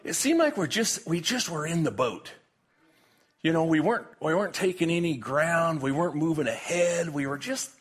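A man who is a pastor, praying and preaching to his church in a folksy, joking way, with halting restarts. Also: fairly high pitch, animated, breathy edge. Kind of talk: sermon with prayer and jokes.

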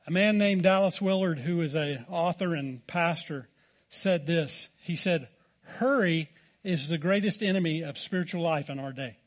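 A man's voice: fairly high pitch, moderate pace. A man with an American accent preaching a sermon, telling a folksy, self-deprecating story. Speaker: pastor.

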